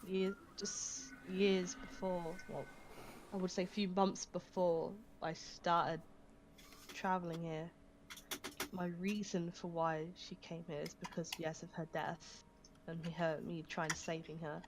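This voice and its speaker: A woman's voice: fairly low pitch, little pitch movement. A woman speaking in character as a tabletop game player, tearful and hesitant, stopping and restarting her sentences. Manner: halting and hesitant, many restarts. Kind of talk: in-character roleplay. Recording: keyboard typing noise.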